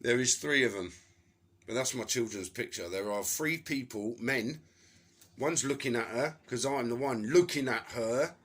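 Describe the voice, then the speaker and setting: A man's voice: mid-range voice, a little slow, a bit bright, low-quality recording. A man in a rambling monologue, ranting angrily and swearing as he accuses people. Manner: angry, profane, accusatory ranting.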